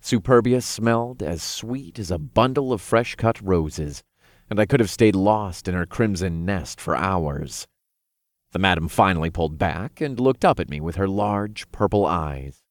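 A man narrating an audiobook in an expressive, playful reading. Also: sits low, unhurried, no room sound, clean studio sound.

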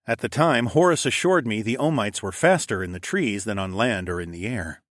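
A man's voice: on the low side, moderate pace, no room sound, clean studio sound. A man narrating a first-person fantasy audiobook in a wry, sardonic tone with casual swearing.

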